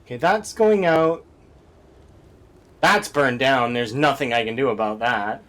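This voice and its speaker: A man's voice: mid-range voice, unhurried, fairly bright tone. A man streaming a survival game, talking to himself with exasperated running commentary as he plays. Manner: exasperated, talks to himself while playing. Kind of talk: live gameplay commentary.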